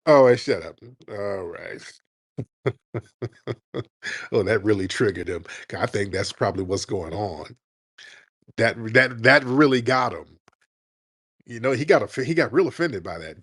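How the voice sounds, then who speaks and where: A male host runs a call-in livestream, laughing and needling his callers. His voice sits at an ordinary pitch. The sound is dry and close, with no room to it. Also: lively intonation, measured pace, long pauses, fairly bright tone, husky, no echo. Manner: laughing, taunting, mimics callers in high voice. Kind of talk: casual mocking chat.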